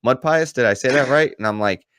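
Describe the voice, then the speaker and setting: A man guesting on a casual podcast, excitable and chatty, peppering his talk with dude and man. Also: medium pitch, fast talker, clean tone, no echo, clean studio sound. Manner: excitable storyteller, says man and dude a lot. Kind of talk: casual chat.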